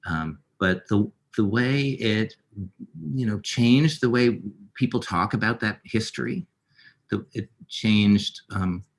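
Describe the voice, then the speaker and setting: A man's voice: on the low side, slow pace. A middle-aged man, a filmmaker being interviewed, speaking reflectively with many fillers and restarts. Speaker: filmmaker guest.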